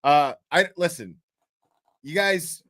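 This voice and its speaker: A man's voice: on the high side, expressive, slow, fairly bright tone, dry recording. A man hosting a livestream and telling a story in a loose, rambling, profane way, with restarts and bursts of laughter. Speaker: livestream host. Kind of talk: casual livestream commentary.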